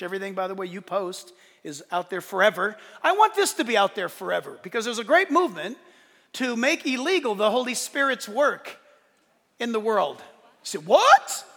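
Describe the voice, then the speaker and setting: A male pastor preaching a sermon, animated, acting out quoted voices along the way. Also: high-pitched, big-room sound.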